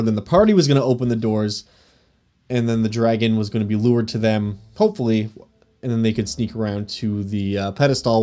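A man working as dungeon master, casually recounting a tabletop game session with animated, laughing delivery. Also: medium pitch. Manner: animated, laughing, frequent fillers. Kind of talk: casual game recap storytelling.

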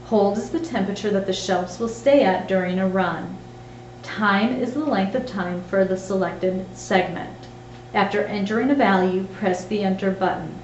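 Woman calmly narrating lab instructions. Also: mid-range voice, echoey room, a little hiss or hum, poor audio. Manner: clear, measured step-by-step instructions.

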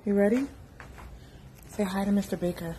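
A mother gently asking her child what's wrong in a casual home prank video. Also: mid-range voice, normal speed, a little hiss or hum. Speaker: parent.

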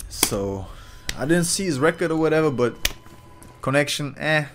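A man giving casual, excitable, profane commentary while playing online ranked fighting-game matches. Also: a little high, normal speed. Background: fighting game music and sound effects.

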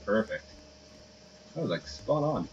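Low-ish guy rambling through a game video, muffled sound, hiss behind. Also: big pitch swings, unhurried, darkish tone. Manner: rambling, chatty, playful. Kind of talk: casual let's play commentary. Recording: dull lo-fi audio with hiss.

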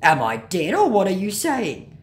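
A woman's voice: medium pitch, huge pitch swings, slight background noise, pitched above the performer's own voice. A woman putting on a pleading scammer man in broken English. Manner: pleading, halting broken phrasing. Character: pushy male online scammer, broken English.

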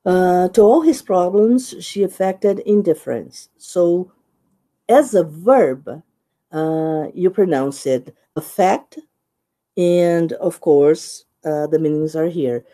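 A woman with a Brazilian accent giving a teacher-training presentation, often checking in with "right?" and "okay?" and pausing with "uh" as she explains. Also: on the low side, mellow. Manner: explanatory, with many "uh" pauses. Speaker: conference presenter.

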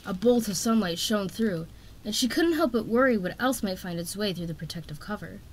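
A woman's voice: mid-range voice, lively intonation, fairly quick, a little hiss or hum. Woman reading a fantasy novel aloud. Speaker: audiobook reader.

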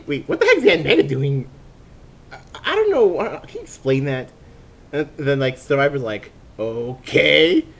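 Man hosting a homemade fan dub, rambling and improvising, fairly high voice with a lively, bouncing delivery. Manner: rambling, full of fillers and restarts. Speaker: fan dubber, channel host. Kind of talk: casual improvised photo-dub narration.

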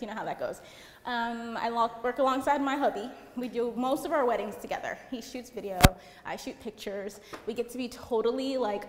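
A young woman giving a seminar talk, fast and chatty, laughing often, through a mic in a conference hall. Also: a little high. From United States. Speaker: seminar presenter. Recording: echoey hall with faint noise.

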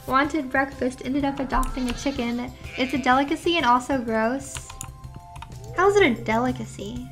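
Young woman, high voice, unhurried, playful streamer chat, sleepy, game music behind. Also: fairly bright tone. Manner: chatty, playful, answers chat, gamer slang. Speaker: VTuber streamer. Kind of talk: casual gameplay chat.

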